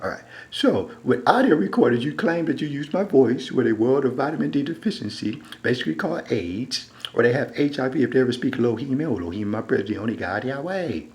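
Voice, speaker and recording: Rambling man with a swinging pitch. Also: animated, a little fast, few pauses, poor audio. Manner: repetitive, keeps saying "all right"; swings between low mutter and loud emphatic bursts. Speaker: self-styled preacher. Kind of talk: rambling monologue. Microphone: phone.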